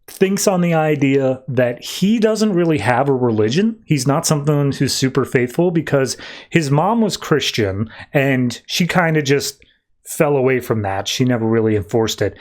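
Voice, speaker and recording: A man hosting a podcast who casually recaps a comic book, retelling its scenes with quick quoted voices. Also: mid-range voice, animated, darkish tone. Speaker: podcast host.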